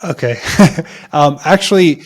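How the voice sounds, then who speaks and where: A young man from Mexico co-hosting a faith podcast, telling stories in an animated, excitable way and laughing often. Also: fairly high pitch, a little slow. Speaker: podcast co-host. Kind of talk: casual faith podcast chat.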